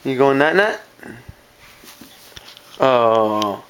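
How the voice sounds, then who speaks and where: A man's voice: medium pitch, lively intonation, very slow, a bit bright, clean tone. A man filming his small children at home, coaxing them to dance and make animal sounds, laughing often. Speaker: father filming his toddlers. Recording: noisy home video recording.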